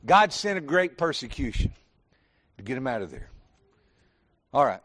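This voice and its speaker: A man's voice: medium pitch, very animated, moderate pace, a bit bright. A middle-aged pastor with a Southern accent, preaching a folksy sermon and quizzing his congregation directly. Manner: folksy, addresses congregation with questions and "y'all".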